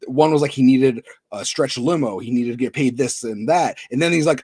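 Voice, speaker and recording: A man co-hosting a podcast tells a story at a mid pitch, wandering through "uh"s and "like"s. His voice is dry and close to the mic, with no room sound. He speaks in an easygoing, conversational way. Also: moderate pace, hardly any pauses, darkish tone, breathy edge, dry recording. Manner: rambling, filler-heavy storytelling. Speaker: podcast co-host. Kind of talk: casual chat.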